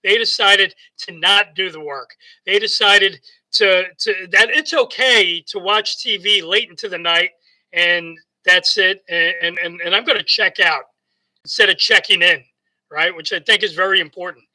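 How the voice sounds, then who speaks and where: High-voiced bright New York man. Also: moderate pace, rough recording. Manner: rambling, repeats words and restarts often; acts out both sides of remembered conversations. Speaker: motivational speaker. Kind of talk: casual storytelling monologue.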